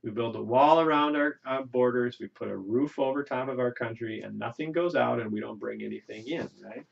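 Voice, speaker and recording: A male economics lecturer with a gravelly voice talks through a classroom lesson in a chatty, folksy way. He keeps checking in with "right?". The recording is dull and lo-fi. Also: mid-range voice, brisk.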